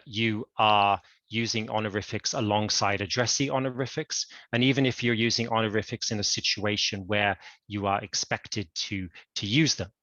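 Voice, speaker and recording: A male university lecturer giving an online academic lecture, explaining in a measured way. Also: lowish voice, a bit bright, no echo, highs cut off. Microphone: computer mic on a video call.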